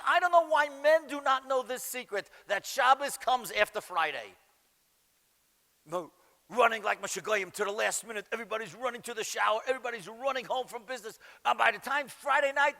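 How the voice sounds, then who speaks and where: A high-voiced man delivers an emphatic rabbinic lecture, peppered with rhetorical questions. His tone is bright and forceful. The sound rings with the long reverb of a big hall. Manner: emphatic, rhetorical questions, Yiddish and Hebrew terms. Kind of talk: animated Torah lecture to a large gathering.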